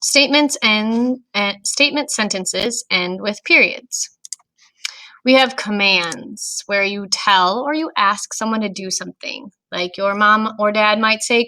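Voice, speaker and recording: A woman teacher giving a recorded grammar lesson to children, speaking clearly and patiently to young students. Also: medium pitch, bright, forceful tone, rough recording.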